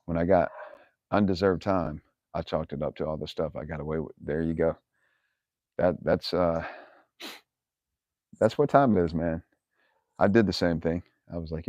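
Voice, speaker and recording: His pitch is extremely low and a little mellow, he speaks at normal speed with long pauses, and the recording is dry. As host of a live Q&A, he tells blunt, swear-filled stories in reply to viewers, laughing a lot and angrily quoting himself.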